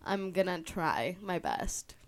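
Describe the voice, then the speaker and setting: Her voice sits fairly low but swoops wildly in pitch, and she takes it slowly. She's a young woman from the San Francisco Bay Area hosting a casual solo podcast, rambling with lots of fillers and laughing easily.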